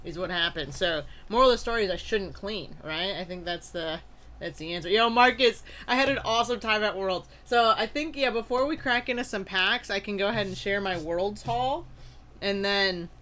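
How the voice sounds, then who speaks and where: Young adult stream host, bright tone, upbeat chatter, allergy-sneezy. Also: mid-range voice, normal speed. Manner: upbeat, greets viewers by name, frequent loud excited outbursts. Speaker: live-stream host opening trading cards. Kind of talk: casual live-stream chat.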